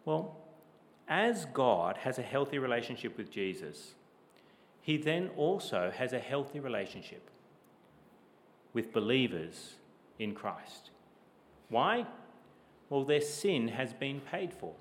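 A man preaching a sermon with emphatic rhetorical questions, his delivery rising loud and then dropping low. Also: big pitch swings, takes it slowly, pauses often, long reverb tail.

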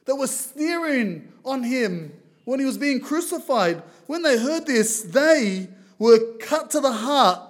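A man from Lebanon preaching a sermon as a visiting preacher, reading scripture aloud in a loud, earnest way. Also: extremely high pitch, expressive, slow pace, hardly any pauses. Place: church.

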